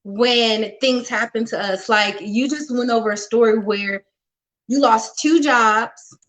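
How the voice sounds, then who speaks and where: A woman host sums up her guest's story in a reflective, encouraging way. Her voice sits fairly high, and she speaks slowly and deliberately. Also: a bit bright, rough recording. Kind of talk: interview.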